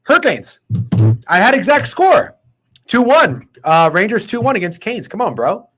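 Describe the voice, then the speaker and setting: A man's voice: high voice, very animated, normal speed, a bit bright. A man in his thirties hosting a sports betting podcast, brash, profane and trash-talking in casual chat. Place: podcast studio.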